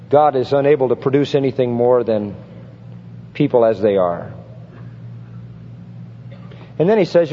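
A man preaching an expository sermon, emphatic and building to forceful peaks with rhetorical questions. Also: on the high side, a little hiss or hum. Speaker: pastor. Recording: dull lo-fi sound with long hall reverb.

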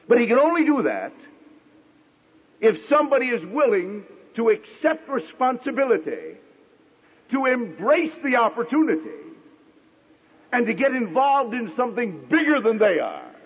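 A middle-aged man delivers a sermon in a high, husky voice that rises and falls dramatically. He leans on long pauses and now and then acts out the people in his stories. The sound is dull and lo-fi, like an old radio broadcast. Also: very animated, in a large hall. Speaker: preacher.

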